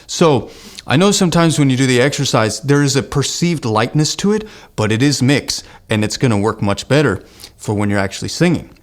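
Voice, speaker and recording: A man in his thirties teaches singing online, in an earnest and encouraging tone with a light lilt. His speaking voice sits at an ordinary middle pitch. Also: lively intonation, a little fast. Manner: earnest, encouraging, breaks into sung exercise demos. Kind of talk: online vocal lesson with sung demonstrations.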